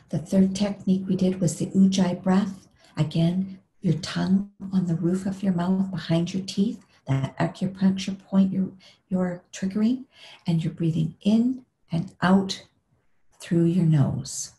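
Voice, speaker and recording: A middle-aged woman leading a guided meditation webinar over a video call, talking gently and unhurriedly, sometimes dropping into a breathy whisper. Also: on the low side, a little slow, low-quality recording. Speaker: meditation instructor.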